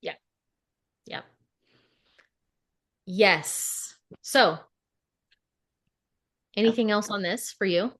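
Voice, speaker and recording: A woman co-hosting a podcast over a video call, telling stories in a casual, animated way and acting out her own inner dialogue. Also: medium pitch, extremely slow, pauses often. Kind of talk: casual conversational podcast chat.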